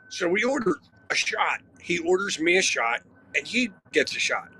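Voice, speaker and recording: A man's voice: sits high, very animated, moderate pace, sharp tone, husky. A man, a rock singer guest on a podcast, telling wry, profane anecdotes in a casual way. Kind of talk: casual storytelling.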